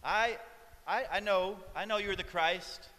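A man voicing an eager, hurried woman who wants to show she knows the answers. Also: sits high, sharp tone, big-room sound. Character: eager woman showing off her knowledge.

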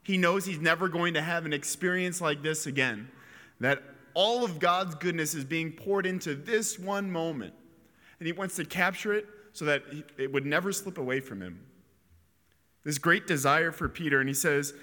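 A priest or preacher with a fairly high pitch, lively intonation and a bright, forceful tone offers an earnest, reflective homily. There are pauses and restarts throughout, all ringing in the long echo of a chapel.

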